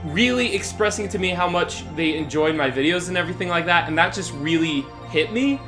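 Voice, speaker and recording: A man answering viewer questions in a casual vlog, excitable and rambling, often self-deprecating. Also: a little high. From Utah, USA.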